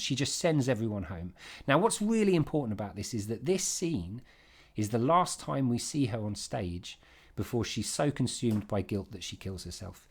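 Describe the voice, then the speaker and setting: A man giving an informal, emphatic revision lesson on a play, with quick asides and restarts. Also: mid-range voice, very animated, husky. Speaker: English literature teacher.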